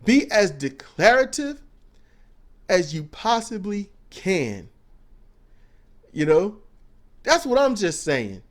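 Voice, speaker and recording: A man's voice: high-pitched, sing-song, slow pace, pauses often. A man giving blunt, preachy casual commentary as a show co-host, swearing freely as he talks.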